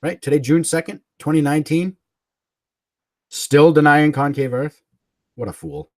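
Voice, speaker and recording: A man's voice: on the high side, unhurried, a little mellow, no room sound. A man hosting a livestream, ranting in a combative, mocking way, swearing and chuckling between jabs. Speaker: livestream host.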